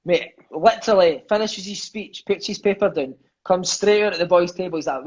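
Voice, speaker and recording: High-voiced Scottish man telling stories. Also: a little fast, husky, dull audio. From Scotland. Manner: swears casually, fills speech with "mate" and "aye". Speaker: podcast guest, former footballer. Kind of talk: casual storytelling chat.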